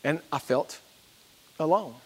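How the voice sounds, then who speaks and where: A middle-aged man preaches a sermon in a notably high voice. He speaks earnestly, repeating himself as he prays and as he tells a personal story. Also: slow pace, breathy edge, big-room sound. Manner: earnest, storytelling, with prayerful repetition. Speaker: pastor.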